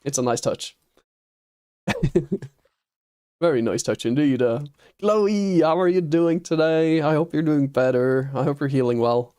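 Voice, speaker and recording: Man, native Norwegian speaker, streamer, relaxed chat, chuckles a lot. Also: on the high side, unhurried, pauses often, clear, resonant tone. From Norway. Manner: easygoing, chuckles often. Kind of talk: casual livestream chat with viewers.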